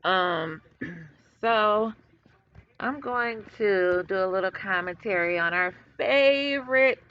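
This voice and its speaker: A woman's voice: mid-range voice, takes it slowly, clean tone, lo-fi sound. A woman from upstate New York giving a sassy, emphatic, chatty commentary on her vlog. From upstate New York, USA. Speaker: YouTube commentator.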